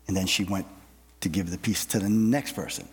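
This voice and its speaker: A male pastor preaching a sermon, often repeating words and pausing with fillers as he speaks. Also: low-pitched, big-room sound. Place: church sanctuary.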